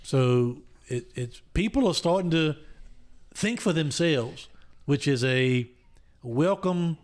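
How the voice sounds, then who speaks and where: A man's voice: fairly high pitch, lively intonation, slow pace. A man hosting a podcast, talking in an easygoing, encouraging tone during casual chat. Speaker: podcast host.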